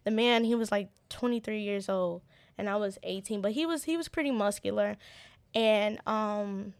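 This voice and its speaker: A young woman with a gravelly touch of vocal fry speaks as an interview guest, telling a personal story. Her delivery is earnest and halting, with frequent restarts and repeated words. The sound is dry and close, with little room echo. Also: medium pitch. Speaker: interview guest, business owner.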